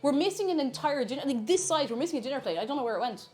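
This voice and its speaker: A woman's voice: high voice, animated, rapid-fire, darkish tone, soft background music. An Irish woman live-streaming from her kitchen while baking, chatting casually, reading viewers' messages aloud and laughing often.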